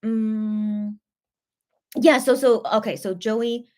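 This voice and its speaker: A woman with a slightly high, somewhat mellow voice hosts a casual livestream, speaking slowly in a steady tone. She chats in a rambling, gushing way, reads viewer comments aloud, and is easily moved.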